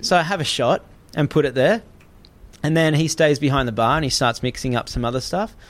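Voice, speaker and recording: A young Australian man telling a story in casual chat, animated, swearing freely and acting out the people in it. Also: fairly high pitch, fairly quick.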